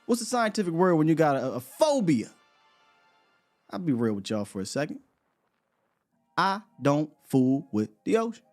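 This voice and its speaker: A man hosting a live morning sports show, talking in an animated, rambling way and laughing often. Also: on the high side, moderate pace, pauses often, faint music behind. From United States.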